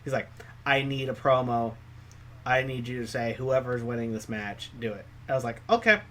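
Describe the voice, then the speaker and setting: A man co-hosting a casual podcast chat about online wrestling, animated and quick to jump in with asides. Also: mid-range voice. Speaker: co-host.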